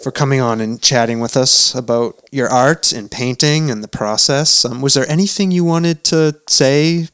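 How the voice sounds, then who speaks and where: A podcast host talking in a relaxed, encouraging way with many ums, close to the mic. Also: mid-range voice, normal speed, few pauses, clear, resonant tone, no echo. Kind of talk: casual podcast chat.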